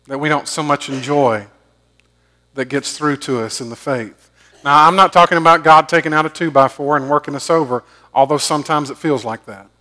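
A man preaching a sermon, telling stories and swinging from loud emphatic bursts to hushed low asides. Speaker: pastor.

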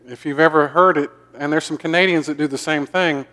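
A man's voice: a little high, steady tone, fairly quick, bright, forceful tone. A man from the American South with a mild Southern accent, preaching a folksy, joking sermon and often repeating his words. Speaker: pastor. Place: church sanctuary. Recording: long hall reverb.

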